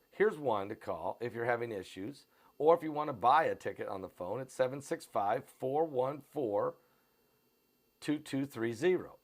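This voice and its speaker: Gravelly American Midwestern man, urgent pitch. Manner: repetitive, urgent sales pitch with fillers. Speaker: host of a prophecy channel. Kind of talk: live-stream promotion and commentary. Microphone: on camera.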